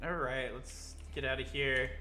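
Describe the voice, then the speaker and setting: Excitable, cursing young man gaming. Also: mid-range voice, unhurried, soft background music. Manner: excitable, swears a lot, yelps when scared. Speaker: gaming video host. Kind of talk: casual gameplay commentary.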